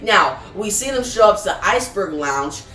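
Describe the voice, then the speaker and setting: A woman's voice: medium pitch, lively intonation, moderate pace, pushed and bright. A woman casually recapping and reviewing a comic, loose and chatty with plenty of restarts and filler words. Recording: roomy, distant from the mic, faint music behind.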